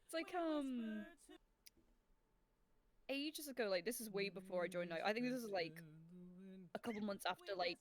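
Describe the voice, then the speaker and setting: A woman's voice: mid-range voice, moderate pace, long pauses, a crowd in the background. A woman in casual chat, giggly and saying like a lot.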